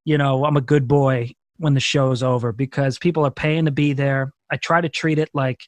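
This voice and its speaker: A man's voice: medium pitch, normal speed, no room sound. A man in his thirties, a stand-up comedian guest on a podcast, telling stories with swearing and acted-out quotes. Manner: animated storytelling with profanity and acted-out quotes. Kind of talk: casual podcast conversation.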